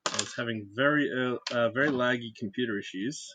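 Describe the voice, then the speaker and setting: A man's voice: mid-range voice, fairly quick, background noise. Chatty man hosting a livestream. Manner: chatty, greets viewers while building. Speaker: livestream host. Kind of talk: casual livestream chat.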